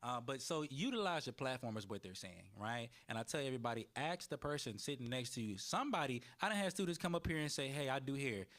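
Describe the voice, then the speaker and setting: A man moderating a student panel, animated and acting out the people he quotes. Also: medium pitch, fast, few pauses.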